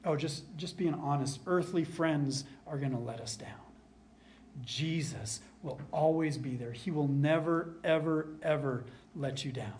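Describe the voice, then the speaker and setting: A man preaching a sermon as pastor, earnest, repeating key lines for emphasis and dropping to a soft hush at times. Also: fairly high pitch, a little slow, a little hiss or hum.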